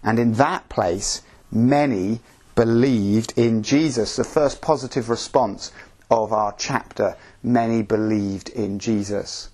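A man's voice: fairly low pitch, takes it slowly, a little mellow. A man preaching a sermon, earnest and searching, asking his listeners repeated questions.

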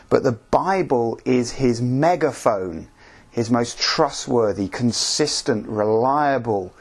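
A man's voice: medium pitch, darkish tone, husky. A man preaching a sermon, earnest and searching, asking his listeners repeated questions.

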